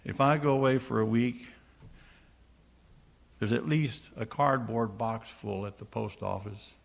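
An older man delivers a sermon in a creaky, medium-pitched voice at a measured pace. He reads scripture aloud and emphatically poses rhetorical questions to the congregation, then answers them himself.

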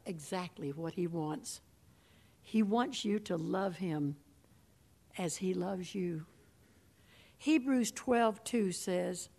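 Slow, dramatic woman preacher. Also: medium pitch. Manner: dramatic, swinging between hushed and ringing. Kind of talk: sermon. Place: room with a congregation.

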